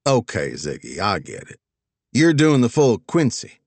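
A skeptical male investigator who pokes holes and argues back, as a narrator voices him for an audiobook. His delivery is animated, jumping up in pitch. The recording is dry. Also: a little slow, husky, no room sound, heavily acted. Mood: arguing.

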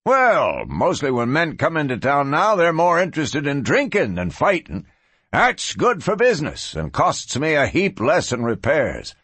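A man puts on a talkative saloon-keeper from an old western storybook, his voice pitched up high and lively, eager and a little nervous. He jumps around in tone as he chatters, and the sound is husky and dry. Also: measured pace, no echo, exaggerated voice. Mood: chatty.

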